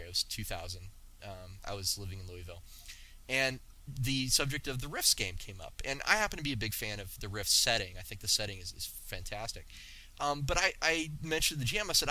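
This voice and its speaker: A man in his forties, a podcast guest, telling stories in a lively way with many stammers and restarts. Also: on the low side, low-quality recording. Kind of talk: casual storytelling.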